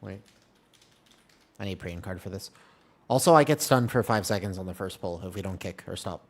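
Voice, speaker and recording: A man streaming a game, chatting casually in a tired, halting way and clearing his throat often. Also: low-pitched. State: tired, yawning. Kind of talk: casual gameplay chat.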